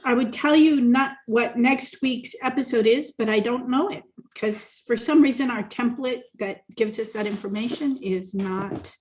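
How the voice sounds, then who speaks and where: A woman's voice: fairly high pitch, normal speed, hardly any pauses, darkish tone. A woman co-hosting a casual coaching talk show over a video call, chatty and storytelling, laughing often. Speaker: co-host.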